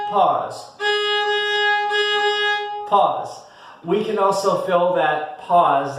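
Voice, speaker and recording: A man's voice: fairly high pitch, far from the mic. Echoey man teaching fiddle, counting beats. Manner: relaxed, hesitant, many ums and restarts, counts beats aloud. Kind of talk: casual one-on-one music lesson. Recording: very echoey room, a bit off mic. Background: fiddle playing between talk.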